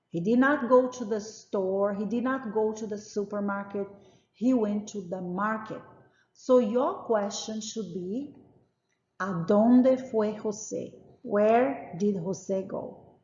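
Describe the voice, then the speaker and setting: A woman's voice: mid-range voice, a little mellow. Patient woman teaching in an echoey room. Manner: patient, emphatic, repeats examples. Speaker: Spanish teacher. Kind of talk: classroom lesson explaining grammar. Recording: roomy, echoey, dull lo-fi sound.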